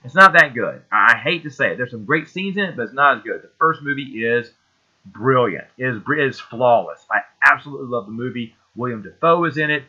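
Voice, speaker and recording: Excitable male host with a sharp, bright voice riffing on movies, recorded a bit dull and lo-fi. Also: medium pitch, brisk. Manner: enthusiastic, rambling, loses names mid-sentence. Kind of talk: casual solo movie talk.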